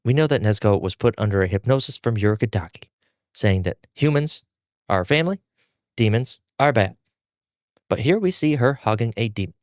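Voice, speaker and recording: A man's voice: mid-range voice, expressive, a little fast, a little mellow, clean tone, no room sound, studio quality. A man hosting a podcast, recapping and discussing a manga with enthusiasm. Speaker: podcast host. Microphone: mic on stand.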